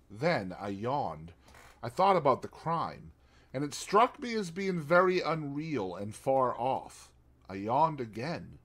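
Expressive male audiobook narrator. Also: mid-range voice. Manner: expressive storytelling. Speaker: audiobook reader.

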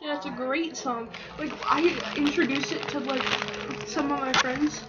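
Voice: sits high, steady tone, unhurried. A young let's play host cracking crude jokes and giggling through casual banter with a friend. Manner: crude, giggly, swears often. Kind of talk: casual joking banter over gameplay. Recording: dull lo-fi recording with faint hiss.

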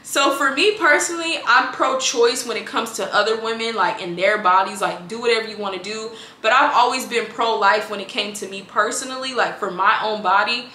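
A woman, telling her story in a chatty, animated vlog and acting out her family's lines. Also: on the high side, brisk, hardly any pauses, reverberant, slight background noise. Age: 20s. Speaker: vlogger.

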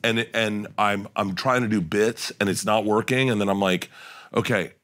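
A man's voice: lowish voice, moderate pace. Man telling rambling comedy stories. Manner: animated, rambling anecdotes with restarts and laughs. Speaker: comedian guest on a podcast. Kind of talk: casual storytelling chat.

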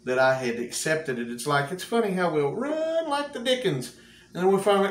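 A man's voice: high-pitched, very animated, moderate pace, fairly bright tone. Folksy preacher man, echoey room. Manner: folksy storyteller, laughs often. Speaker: cowboy church preacher. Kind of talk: folksy testimony. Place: church room. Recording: echoey room with faint hum.

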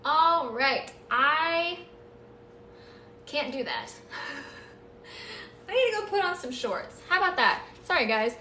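A woman's voice: sits high, expressive, slow pace, long pauses, sharp tone, far from the mic, slight background noise. A woman hosting a casual live stream, chatting with viewers and thanking them, with playful nervous laughs. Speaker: livestream host. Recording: echoey room, voice off-mic.

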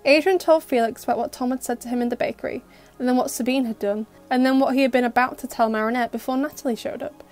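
A woman narrating an audio story in a steady, expressive reading voice. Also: high-pitched, fast, soft background music.

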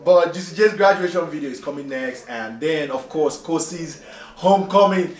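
A man's voice: a little high, normal speed, few pauses. A man vlogging casually from a hotel room, rambling and laughing as he talks. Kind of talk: casual vlog chat. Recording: echoey room with faint noise.

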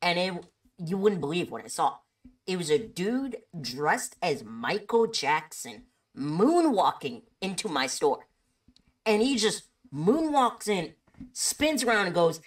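A woman with a low voice that swings widely in pitch, telling a story to camera. She chats along and keeps checking in with "okay?". The mic sits a little distant. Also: animated, measured pace. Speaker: vlogger. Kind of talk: storytime monologue.

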